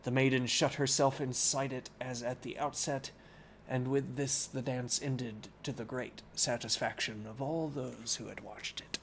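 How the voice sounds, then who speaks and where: A man of middle pitch reads an old novel aloud as a bedtime story, taking his time over the lines. He drifts off into relaxed asides to his live audience between passages, with a faint hiss of noise under the voice. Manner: unhurried reading, musing asides to viewers.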